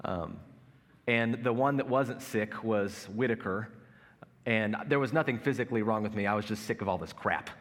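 A pastor in his thirties delivers a sermon in a fairly low voice at normal speed, joking at his own expense and acting out family anecdotes conversationally. He's in a large church worship space, and the recording carries long hall reverb.

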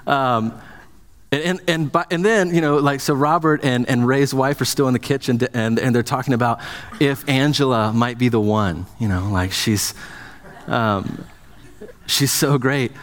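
A man's voice: mid-range voice, moderate pace. Conversational male pastor in an echoing hall. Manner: conversational, many restarts and fillers. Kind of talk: sermon.

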